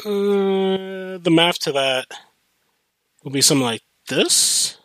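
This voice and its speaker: A young man hosting a podcast, telling a rambling, profane story in a casual, animated way with many restarts. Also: high voice, slow pace, no echo. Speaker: podcast host.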